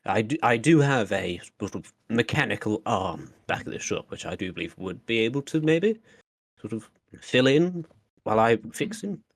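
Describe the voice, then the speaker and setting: A man's voice: on the low side, big pitch swings, normal speed, vocal fry, no echo, clean studio sound, full character voice. Man doing a fussy, stammering adventurer. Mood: polite. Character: earnest, fussy male adventurer who tinkers.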